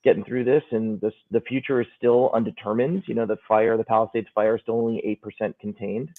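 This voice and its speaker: A man's voice: fairly low pitch, steady tone, brisk. A middle-aged man, a guest calling in from a hotel room, speaking earnestly and reflectively in a casual chat. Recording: tinny phone-like call audio.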